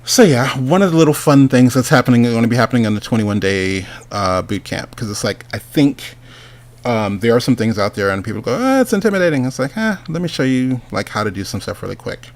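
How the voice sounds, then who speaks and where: Man, host, casual rambling chat, talks to himself, middle pitch. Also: animated, brisk. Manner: rambling, chatty, talks to himself while working. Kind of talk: casual livestream chat and interview.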